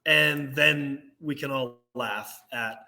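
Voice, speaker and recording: A young man co-hosting a casual sports podcast, ranting with animated energy and laughing at himself. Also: medium pitch, slow pace. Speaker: podcast co-host.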